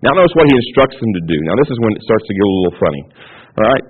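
Husky-voiced male preacher, teaching a sermon in the style of a Bible lesson, heard through a thin, phone-like radio feed. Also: on the low side, big pitch swings, racing. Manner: teacherly, checks in with the listeners often; repeats words when restarting. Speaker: pastor. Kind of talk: expository sermon. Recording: tinny phone-band radio broadcast.

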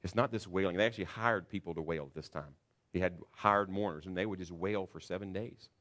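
A man preaching a sermon in a church, earnest and building to loud, emphatic passages. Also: deep voice, brisk. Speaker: pastor.

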